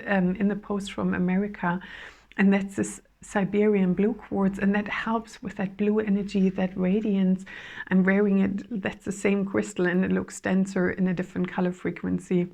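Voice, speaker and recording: Gently gravelly woman sharing spiritual guidance. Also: mid-range voice. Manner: earnest, flowing, with soft laughs and fillers. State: voice going hoarse. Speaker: spiritual channel. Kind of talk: spiritual talk, channeled messages.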